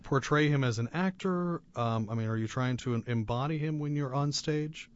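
A man's voice: mid-range voice, normal speed, smooth, dry recording. A man hosting a radio arts show, asking interview questions and reading the sign-off. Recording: dull lo-fi radio sound.

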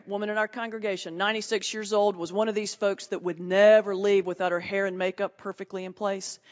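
A woman pastor performs a stand-up comedy set before a live audience in a large hall, with folksy Southern humor and punchy, laugh-filled delivery. Her voice is mid-range. The recording sounds distant, echoey and muffled.

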